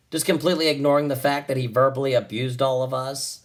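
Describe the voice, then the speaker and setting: A man doing a stand-up routine, animated and exasperated, with crude punchlines. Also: mid-range voice, fast talker, few pauses. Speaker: stand-up comedian.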